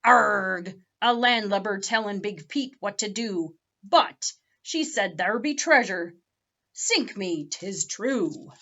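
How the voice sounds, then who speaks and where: A woman voicing a loud, gruff male pirate captain who bellows his pirate talk. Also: mid-range voice, animated, takes it slowly, dull audio, heavily acted. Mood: grumbling.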